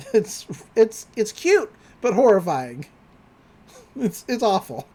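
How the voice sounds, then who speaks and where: A woman's voice: medium pitch, slow pace. A woman co-hosting a podcast, animatedly recapping a cartoon episode and acting out the characters' lines. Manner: animated retelling, acting out lines, laughing often. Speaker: podcast co-host. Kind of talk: casual recap chat.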